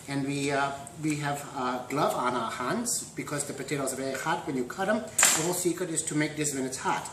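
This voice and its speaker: A man hosts a goofy home cooking show, dropping deadpan puns and dad jokes between rambling steps. He speaks at an ordinary middle pitch. The sound is echoey and full of clattering pots and cutlery. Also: a little fast, hardly any pauses, slight background noise. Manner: deadpan punning, dad jokes, trailing asides. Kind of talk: rambling mock cooking demonstration. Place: home kitchen.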